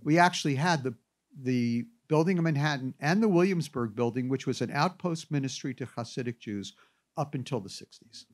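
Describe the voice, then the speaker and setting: A man's voice: medium pitch, fairly quick. A man giving an anecdotal classroom lecture, telling stories with wry asides. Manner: animated storyteller with wry asides.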